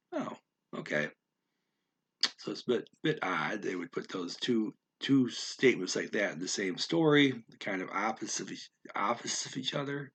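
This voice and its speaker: A man explaining words of a story in an unscripted lesson, thinking aloud with many fillers and repeating words slowly to practice how they sound. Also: on the low side, a bit bright, husky. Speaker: language learner explaining vocabulary.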